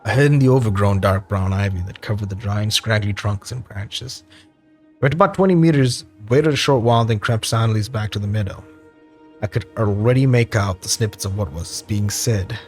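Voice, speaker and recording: A man's voice: fairly low pitch, faint music behind. Man reading a game's story aloud. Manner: reads text aloud with quick asides to viewers. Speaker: gaming YouTuber.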